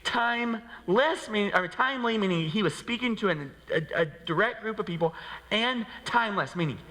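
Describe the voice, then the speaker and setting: A man's voice: high voice, fairly quick, big-room sound, rough recording. A man preaching a sermon as pastor, talking in a casual, conversational way with frequent rhetorical asides. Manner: conversational and animated, with many rhetorical "right?" asides. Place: church sanctuary. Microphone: handheld microphone.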